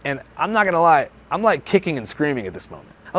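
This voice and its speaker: A man's voice: on the high side, very animated, quick pace, hardly any pauses, no room sound. A young man, a journalist and video creator, casually recounting a story with lots of "like" and "you know". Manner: laid-back, filler-heavy, lots of "like".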